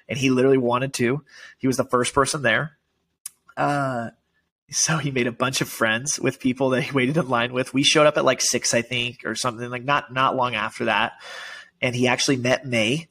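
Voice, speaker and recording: A man in casual conversation as a podcast guest, telling a story in an excited, emotional way, full of "like" and "dude". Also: mid-range voice, normal speed.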